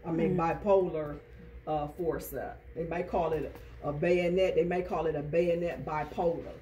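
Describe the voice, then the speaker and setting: In a faintly noisy, distantly recorded classroom, a teacher with a warm, steady, medium-pitched voice talks at a normal speed. The lesson drills terms by rhythmic repetition, quizzing the class call-and-response style.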